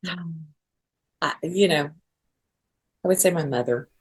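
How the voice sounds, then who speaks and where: A woman's voice: sits low, a little slow, breathy edge. A middle-aged woman guest on a podcast interview, speaking earnestly and emotionally. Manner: emotional, earnest, tearful at times. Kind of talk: interview conversation.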